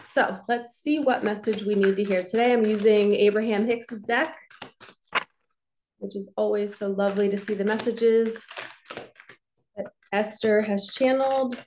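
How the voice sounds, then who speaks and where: A woman, a spiritual coach, giving a relaxed, chatty card reading and talking her listeners through slow belly breathing. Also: mid-range voice, slight background noise. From New Jersey. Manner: relaxed, chatty, reassuring, lots of "like" and "so".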